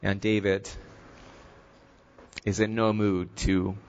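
A man preaching a sermon, earnest and steady, retelling a scripture story and drawing its lesson. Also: fairly low pitch, slow, highs cut off.

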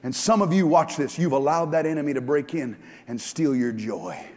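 A man, a pastor, preaching a sermon to his church, shifting from hushed, joking asides to loud shouting. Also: fairly high pitch, normal speed. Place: large church hall. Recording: long reverb of a church hall.

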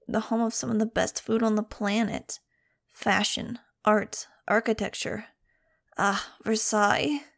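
A woman reading an audiobook, voicing a snooty, dramatic male talking dog in a slow, theatrical manner. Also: a little high, little pitch movement, gravelly. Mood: wistful.

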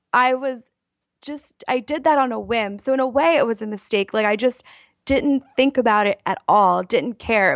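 A woman chats casually as a podcast guest, telling quick, self-deprecating stories. Her voice has a gravelly fry. The recording is dry and a little dull. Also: on the high side, dry recording. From Baltimore area. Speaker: podcast guest, writer and YouTuber. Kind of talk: casual interview chat.

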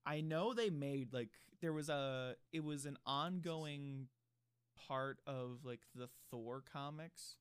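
A man co-hosting a casual podcast chat rambles through stories, heavy on fillers. His voice is medium-pitched, slow, and clean, in a dry, studio-quality recording.

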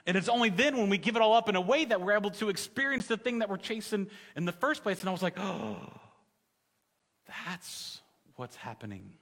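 A man in his forties preaching a sermon in a conversational way, calling out to the congregation and dropping soft in emotional moments. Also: high voice, fast talker, few pauses. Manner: conversational, calls on the audience, drops to soft tones in the emotional story. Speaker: pastor. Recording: long reverb in a large hall.

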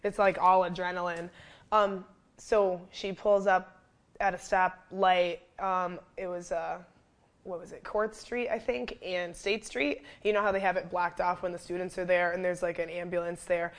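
Lively low-voiced woman telling a story. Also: normal speed. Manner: animated, lots of fillers, acts out quotes loudly. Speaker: fitness trainer and wellness coach, guest. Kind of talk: casual storytelling interview.

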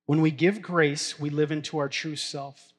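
A man's voice: fairly high pitch, steady tone, measured pace. A middle-aged man, a pastor, preaching a sermon in a casual, story-telling way and laughing now and then. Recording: long hall reverb.

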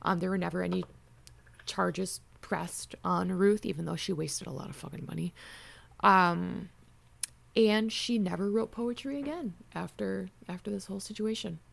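A woman's voice: fairly low pitch, normal speed, gravelly. A woman, co-hosting a true crime podcast in a casual, chatty way. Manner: chatty, laughs easily, mimics pronunciations. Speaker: podcast co-host telling a true crime case.

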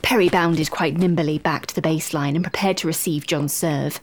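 A woman narrating a story in a wry, expressive way. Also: deep voice, moderate pace, slight background noise.

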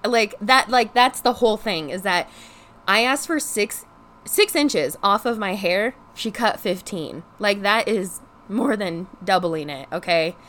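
A young woman telling a frustrated storytime vlog in casual chat, animated and exasperated, swearing freely and saying "like" constantly. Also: mid-range voice, measured pace. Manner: heavy use of "like" as filler. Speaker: vlogger.

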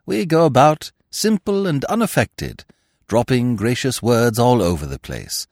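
A man reading aloud plays a suave, pompous young gentleman who talks in languid, elaborate, mock-solemn phrases. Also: mid-range voice, very animated, unhurried, no room sound, studio quality, pitched above the performer's own voice.

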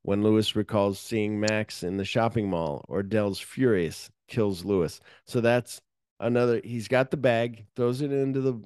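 This is casual movie recap chat from a male podcast host whose voice sits on the low side. He speaks at normal speed with a clean tone and no room sound, animatedly mixing read plot summary with offhand asides, lots of fillers and the odd swear word.

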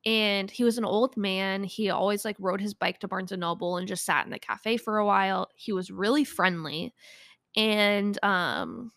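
A woman's voice: medium pitch, normal speed, a bit bright, dry recording, studio quality. A young adult woman hosting a podcast, telling stories in a chatty, casual way with frequent laughs and fillers. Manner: chatty, laughs often, lots of "like". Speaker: podcast host. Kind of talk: casual solo podcast storytelling.

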